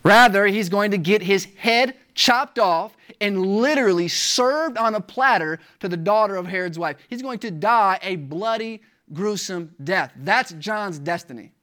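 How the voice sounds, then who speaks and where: A pastor preaching a sermon, building emphasis through repeated rhetorical questions and shifts in pitch and volume. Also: measured pace, few pauses, fairly bright tone.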